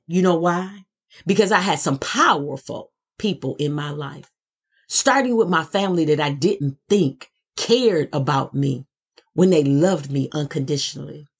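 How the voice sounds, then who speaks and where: Slowly and dramatically, a middle-aged woman minister shares her personal testimony, repeating phrases to build emphasis. She speaks in a low-pitched, creaky, slightly rough voice.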